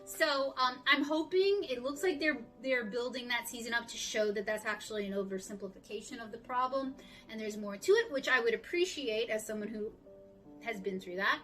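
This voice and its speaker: A woman's voice: a little high, fairly quick, a bit bright, distant mic, soft background music. A woman with a Southern US accent talking candidly and a bit rambling to her audience in a casual vlog. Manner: candid, rambling, self-reflective. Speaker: artist vlogger. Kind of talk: casual talk to camera.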